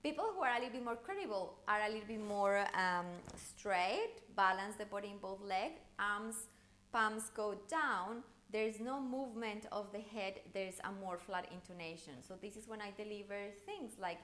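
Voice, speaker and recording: A woman coaching viewers through an online challenge lesson, talking in an animated, encouraging way with intonation that rises and falls. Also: medium pitch, normal speed, a little hiss or hum. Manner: encouraging, speaks straight to the viewer. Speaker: communication coach.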